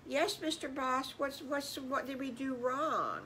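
A woman's voice: fairly high pitch, normal speed, fairly bright tone, slight background noise, lightly acted, rough recording. An older woman voicing frightened little circus children who plead and stammer in a raised voice. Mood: worried.

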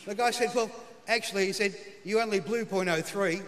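A man's voice: high-pitched, a little fast. A middle-aged Australian man telling a comic story on stage in a laconic, punchline-driven way, heard in a large live studio. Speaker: comedian. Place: large live television stage before an audience. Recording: long hall reverb, faint crowd noise.

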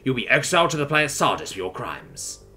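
A man's voice: medium pitch, sing-song, quick pace, bright, forceful tone, faint music behind, heavily acted. A man voicing a commanding male alien judge who speaks in formal, proclaiming tones in an audiobook story.

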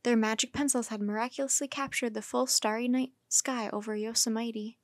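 Calm woman reading a storybook. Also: a little high, fairly quick, dry recording. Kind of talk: reading a children's chapter book aloud.

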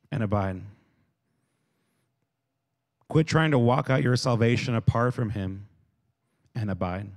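Gravelly-voiced man preaching to youth. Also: medium pitch. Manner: lively, acts out everyday scenes, has the crowd repeat words. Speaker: youth speaker. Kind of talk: youth sermon.

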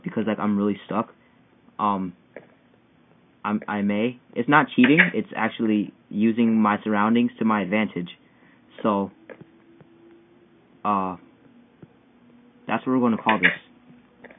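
A young man giving excitable, frustrated commentary while playing a parkour game, yelping at each failed jump. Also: on the low side, a little slow, long pauses. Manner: excitable, yelping and whining at failures. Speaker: gamer. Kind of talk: gameplay commentary. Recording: tinny phone-like mic with faint hiss.

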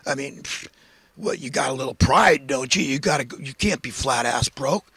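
A man's voice: medium pitch, animated, normal speed, a bit bright, breathy edge, no room sound. A man delivering a preachy, impassioned monologue of social commentary, full of emphatic rhetorical questions. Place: in California.

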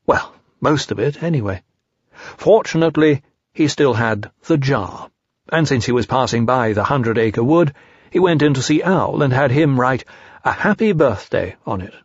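Husky man reading an audiobook. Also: medium pitch, no echo. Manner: calm, measured reading. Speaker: audiobook narrator. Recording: dull, dry lo-fi recording.

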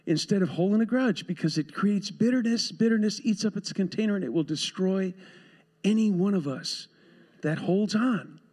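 High-voiced man preaching a sermon. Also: moderate pace, darkish tone. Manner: conversational preaching with asides and laughs. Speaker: pastor. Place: church sanctuary.

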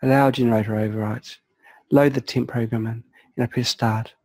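Calm man walking through software steps. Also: mid-range voice, fairly quick, dry recording, low-quality recording. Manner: calm, methodical, narrates each click. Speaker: software tutorial presenter. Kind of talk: screen-recorded software walkthrough.

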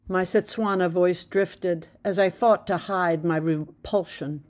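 Woman from the US reading her memoir, low voice. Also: fairly even intonation, slow pace, darkish tone. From United States. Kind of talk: audiobook narration.

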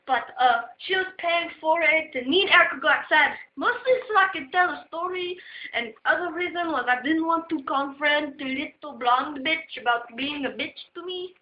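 A young woman casually telling a story, animated, laughing and cursing freely. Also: sits high, normal speed. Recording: echoey, dull lo-fi audio.

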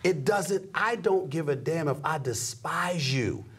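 A middle-aged man in an animated interview, emphatic and preachy, dropping low then shooting up into high exclamations. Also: a little slow, breathy edge. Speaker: sports commentator guest.

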